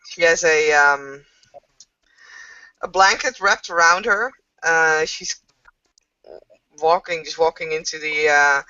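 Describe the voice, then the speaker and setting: Slow, hesitant woman game master. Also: low voice, sharp tone, clean tone, no room sound, far from the mic, muffled recording. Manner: slow, hesitant with many fillers. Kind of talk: narrating a tabletop game.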